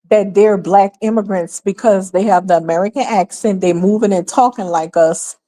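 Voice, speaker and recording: With a dark, mid-range voice, a woman from New York runs a livestream full of opinionated, sarcastic remarks. She's emphatic and keeps firing off rhetorical questions.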